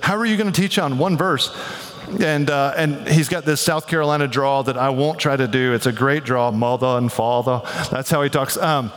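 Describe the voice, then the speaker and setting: A man's voice: on the high side, moderate pace, fairly bright tone, long reverb tail. A man preaching a sermon in a church, casual and conversational, often saying "like". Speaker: pastor.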